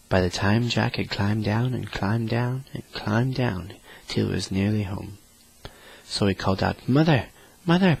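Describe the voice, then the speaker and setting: Gravelly, husky man reading a sleepy story. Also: lowish voice, low-quality recording. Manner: slow, flat, sleepy delivery. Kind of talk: monotone bedtime story reading.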